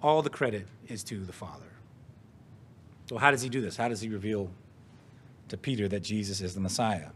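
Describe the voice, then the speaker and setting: Man preaching, measured with rhetorical questions. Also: lowish voice, a bit bright, slight background noise. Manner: clears his throat now and then. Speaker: pastor. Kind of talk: sermon.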